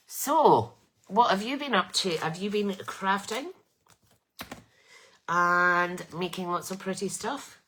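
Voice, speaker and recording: Woman, middle-aged, craft live stream host, stuffy nose, friendly rambling chat, unhurried pace. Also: sits low, a bit bright, a little hiss or hum, low-quality recording. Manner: friendly, rambling, greets viewers by name.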